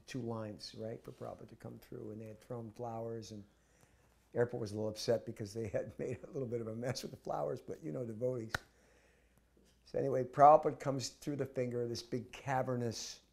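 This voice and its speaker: A man with a gravelly, creaky voice shares memories in an interview. He tells the story in an animated way, with quick restarts, and acts out the voices of the people in it. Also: medium pitch. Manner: acts out the voices in his stories; vivid, with restarts.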